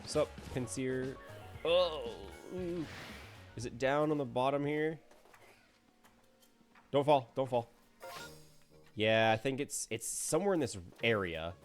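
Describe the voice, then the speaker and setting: A man's voice: medium pitch, expressive, slow, pauses often, soft background music. A man streaming a video game and commenting casually, chatty and joking as he talks to the characters on screen.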